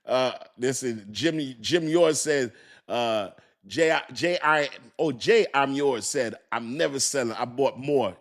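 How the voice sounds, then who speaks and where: Laid-back joking male crypto streamer. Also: mid-range voice. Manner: loose, joking, slangy, laughs often, gropes for words. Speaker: crypto livestream host. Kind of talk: casual livestream chat reading viewer comments.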